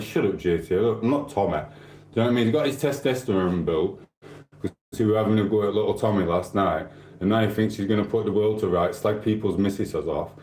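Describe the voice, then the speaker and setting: A man's voice: on the low side, darkish tone, reverberant. A man hosting a stream, rambling in casual chat with swearing and asides to viewers. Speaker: livestream host.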